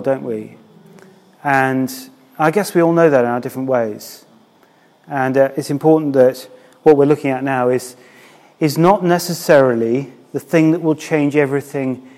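A man's voice: mid-range voice, darkish tone, big-room sound. A man, a church minister, preaching a sermon in a candid, conversational way.

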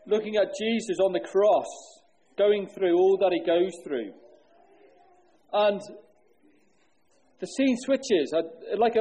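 A man preaching an earnest sermon as pastor, asking rhetorical questions and dropping low and slow on solemn words. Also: warm tone, husky.

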